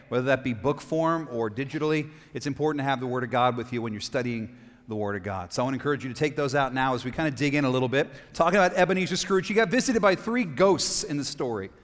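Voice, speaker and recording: A man preaching a sermon to a congregation, animated, asking the room questions and reading passages aloud with drama. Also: medium pitch. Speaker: pastor. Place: church auditorium. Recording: long reverb of a church hall.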